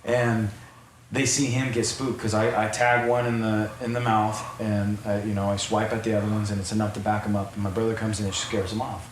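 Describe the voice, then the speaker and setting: A man's voice: fairly low pitch, level tone, a little fast, a little hiss or hum. A man, a podcast guest, telling a personal story in a rambling way, repeating words and restarting sentences. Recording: roomy echo, faint ambience.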